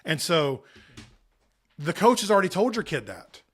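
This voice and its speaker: A man in his late thirties appears as a podcast guest on sports parenting, sharing stories and advice earnestly and emphatically, often restarting his sentences. His husky, somewhat bright voice sits high and swings widely in pitch at a normal speed.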